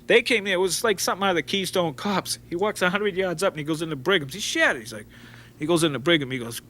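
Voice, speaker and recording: A man's voice: on the high side, fast, slight background noise. A man, telling rambling stories in an interview and acting out quotes as he goes. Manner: rambling and animated, with frequent restarts and acted-out quotes. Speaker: interview guest. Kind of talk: storytelling interview.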